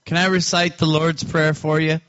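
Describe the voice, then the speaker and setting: Blunt jokey guy chatting about faith, slightly high voice, dry muffled recording. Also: little pitch movement, normal speed, a bit bright. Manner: blunt, joking, plainspoken. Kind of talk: casual faith talk.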